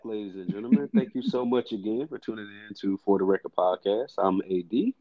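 A man's voice: fairly low pitch, expressive, fairly quick, few pauses, lo-fi sound. A man co-hosting a casual music podcast, blunt, profane and emphatic. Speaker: podcast co-host.

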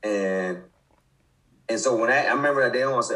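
A man's voice: mid-range voice, normal speed, fairly bright tone, poor audio. A man in his twenties, a football coach, speaking casually as an interview guest, with many restarts and fillers. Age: 20s. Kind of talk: casual conversation.

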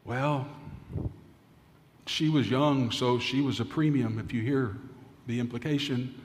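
A male pastor preaching, telling a story with dramatic pauses and often dropping to a hushed voice. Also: medium pitch, in a large hall, slight background noise. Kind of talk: sermon storytelling.

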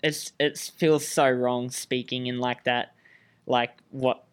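A man's voice: medium pitch, little pitch movement, slow pace, clear, resonant tone. A young Australian man and student athlete, chatting casually and telling stories with frequent laughs and fillers. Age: young adult. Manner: laughing often, story-telling, lots of fillers. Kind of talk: casual chat.

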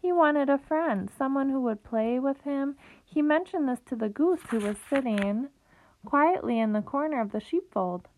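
A woman reading a children's book aloud in a lively way, with small slips and restarts, on a tinny phone-like recording. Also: high voice, moderate pace, slight background noise. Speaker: reader.

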